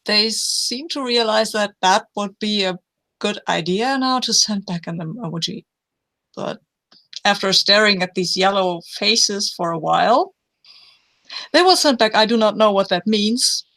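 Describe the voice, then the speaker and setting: A woman playing a tabletop role-playing game, speaking haltingly with a gravelly voice. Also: mid-range voice, expressive, bright, forceful tone. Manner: halting, formal in-character phrasing. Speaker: player. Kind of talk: tabletop role-play, in character.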